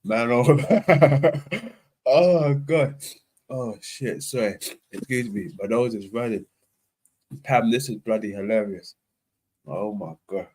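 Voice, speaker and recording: A man with a husky, breathy voice is laughing so hard he is crying, and his nose is running. He exclaims and curses between the fits and drags his words out slowly on a live stream panel. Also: medium pitch, a little mellow. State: laughing to tears with a runny nose.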